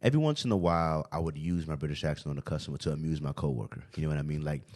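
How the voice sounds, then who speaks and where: A man hosting a casual podcast and explaining a drinking game, relaxed, laughing often and often asking "you know what I mean". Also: rumbling low, very fast. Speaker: podcast host.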